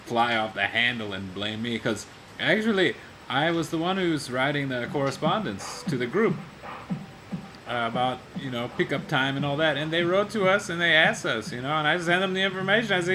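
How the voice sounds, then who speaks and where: A man's voice: bright, forceful tone, slight background noise, poor audio. A man rambling casually about his job, full of "you know" and chuckles, talking at home. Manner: meandering, constant "you know", chuckling, deliberately low-key. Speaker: video blogger.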